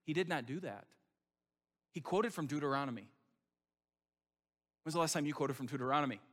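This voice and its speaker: A male pastor delivers a sermon in an emphatic, conversational style, often turning to his listeners with questions. His voice is bright and forceful and sits a little high for a man. A long reverb trails each phrase, as in a large sanctuary. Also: brisk.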